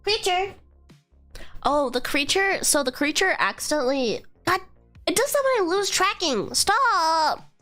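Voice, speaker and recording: Hoarse, giggly high-voiced woman streamer. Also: very animated, moderate pace, sharp tone, soft background music. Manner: giggly, chatty, squeals greetings. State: hoarse from illness. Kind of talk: casual live-stream chat.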